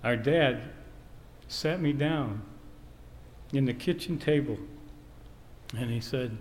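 A man's voice: medium pitch, unhurried, a little mellow. A man preaching a sermon, telling a family story and quoting scripture in an earnest way. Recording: reverberant hall, faint background noise.

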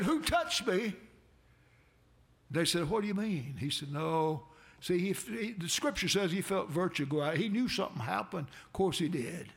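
A man preaching a sermon, with dramatic swells that build to near shouts. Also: vocal fry. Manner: dramatic preaching with sudden swells in pitch and loudness.

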